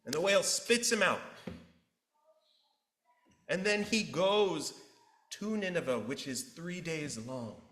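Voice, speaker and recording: A male pastor preaching a sermon, an animated storyteller who acts out the characters. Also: on the high side, takes it slowly, long pauses. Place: church sanctuary. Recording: roomy church echo.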